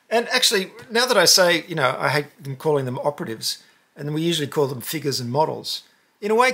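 A man hosting a casual unboxing video, talking in an animated way with exaggerated cheers and bursts of mock outrage. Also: fairly high pitch, breathy edge. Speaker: host.

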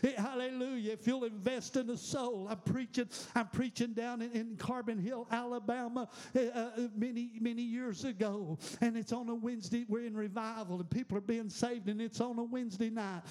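A middle-aged man preaching a fervent sermon at a church service, with repeated hallelujahs, rising to loud peaks and sinking to hushed tones. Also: very high-pitched, steady tone, normal speed, hardly any pauses. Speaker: pastor.

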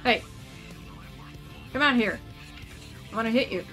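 A woman's voice: a little high, lively intonation, a little slow, fairly bright tone, soft background music. A woman streaming a video game, chatting casually, laughing often and coaxing her cat. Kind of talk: casual live-stream chat.

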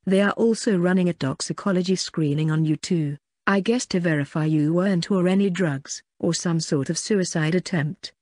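A woman voicing a young adult man, a patient but scolding older brother, in an audiobook, speaking in a measured, chiding way. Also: fairly low pitch, a little mellow, no room sound, clean studio sound, close to an everyday voice. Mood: stern. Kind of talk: audiobook character reading.

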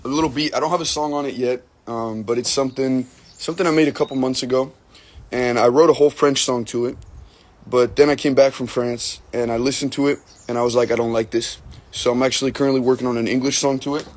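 A man's voice: medium pitch, fairly even intonation, quick pace, a little mellow. A young man from the United States chatting casually on a livestream, rambling, joking and swearing while he reads comments. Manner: rambling, profane, filler-heavy, joking. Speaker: livestream host.

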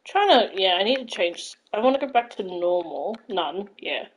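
A woman live-streaming a video game, chatting casually and gushing excitedly to her viewers. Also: medium pitch, normal speed, poor audio. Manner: gushing, excitable, thanks followers. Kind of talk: casual live-stream chat while playing.

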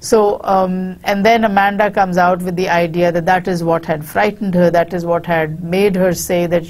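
A woman with a Pakistani accent giving a university literature lecture, explaining with frequent pauses and hesitations. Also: fairly low pitch, flat delivery, a little mellow.

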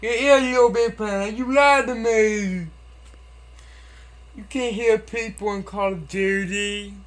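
A man's voice: sits high, steady tone, slow pace. A man in online game voice chat, talking in an annoyed, complaining way. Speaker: fellow gamer playing the grandson. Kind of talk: voice chat banter.

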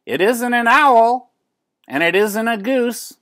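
An older man voicing a flustered, scolding neighbor woman in a high, exclaiming voice. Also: expressive, slow, fairly bright tone, dry recording, clean studio sound, exaggerated voice. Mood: alarmed.

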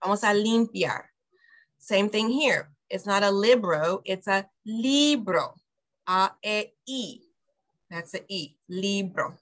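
Bright-voiced woman teaching Spanish. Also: mid-range voice, fairly even intonation. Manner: explains patiently, models words slowly, laughs often. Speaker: preschool director teaching Spanish. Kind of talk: online Spanish lesson for parents. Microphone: video call.

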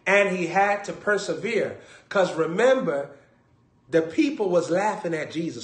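High-voiced preacher in an echoey room. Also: male voice, a little slow. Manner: animated, shouts and acts out scenes. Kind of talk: comedic sermon with acted bits.

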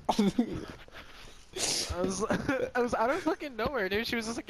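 A man's voice: very high voice, unhurried, long pauses, background noise. A young man chatting casually with a friend over voice chat while gaming, telling a story with lots of laughter and swearing. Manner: laughs often, animated storytelling, swears a lot.

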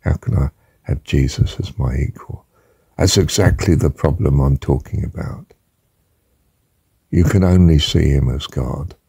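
Deep gravelly older man preaching slowly. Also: no echo. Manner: emphatic, slow and deliberate, drops to a hushed whisper. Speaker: religious teacher. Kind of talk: spiritual talk.

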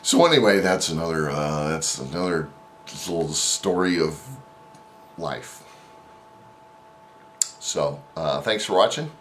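Deep-voiced guy rambling through a funny story, lots of ups and downs in his voice, faint hiss behind him. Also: animated, slow pace, long pauses, a bit bright. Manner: rambling, with many fillers and restarts. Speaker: vlogger. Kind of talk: casual storytelling.

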